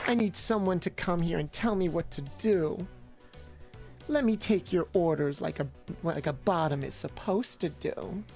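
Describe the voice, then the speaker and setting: A woman putting on a low, breathy, teasing mommy voice as an eager-to-please female mechanic, as a mock-seductive bit. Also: normal speed, over music, natural voice. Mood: sultry teasing.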